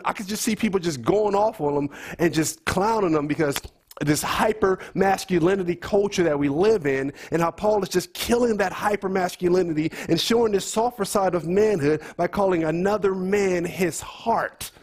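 Man, high voice, husky, earnest bible teacher, repeats himself for emphasis, asks the room questions. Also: normal speed. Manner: earnest, repeats key phrases, quizzes listeners.

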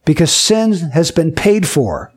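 A male preacher with a fairly high voice delivering a teaching sermon. He explains doctrine step by step, tells everyday stories to make it concrete, and slows right down on the words he wants to land. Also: big pitch swings, darkish tone, slightly rough. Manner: emphatic, with slow stressed key phrases.

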